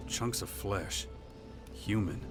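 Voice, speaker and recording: A low, steady male voice delivers short, clipped lines. He sounds calm and factual while he investigates. Game music plays behind him. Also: slow pace. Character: terse male hero investigating an explosion. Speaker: game protagonist.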